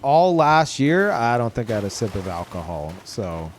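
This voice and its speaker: A man's voice: medium pitch, very animated, normal speed, slight background noise. A man from Louisiana chatting casually on a live stream, rambling and swearing, with many restarts.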